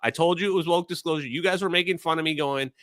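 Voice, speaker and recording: Bright-voiced man ranting sarcastically to chat. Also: on the high side, fast, no echo, clean studio sound. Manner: sarcastic, exasperated, mocking; addresses the chat directly. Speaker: livestream host. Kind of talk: casual livestream rant.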